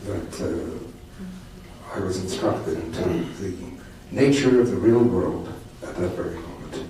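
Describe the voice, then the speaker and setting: An older man with a lowish voice tells a personal story, wry and reflective, often restarting his sentences. He is heard from a distance in a very echoey hall, with steady noise behind him. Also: slow pace. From Canada. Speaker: poet and political commentator. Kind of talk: storytelling talk to an audience.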